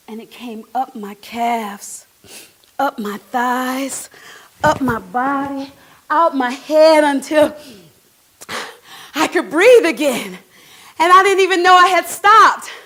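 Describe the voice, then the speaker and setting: Slow, high-voiced woman in a stage monologue. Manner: emotional, swinging from hushed to shouting. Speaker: stage performer in a one-woman show. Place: theatre stage.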